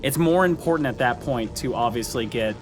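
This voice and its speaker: A man's voice: mid-range voice, fairly quick, faint music behind. A man giving casual let's play commentary, rambling with fillers and frequent laughs. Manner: chatty, rambling, laughs often, many fillers.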